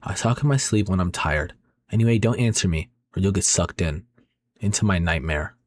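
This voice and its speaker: A man voicing a young wife, narrating a horror comic, who turns into a vengeful ghost and speaks with calm menace. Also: low-pitched, normal speed, dry recording, close to an everyday voice. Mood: calm eerie.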